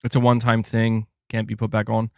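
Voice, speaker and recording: A man's voice: on the low side, monotone, fairly quick, gravelly, mellow, no echo, studio quality. A man live-streaming in casual chat, rambling and swearing with many restarts. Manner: profane, frustrated, rambling with restarts.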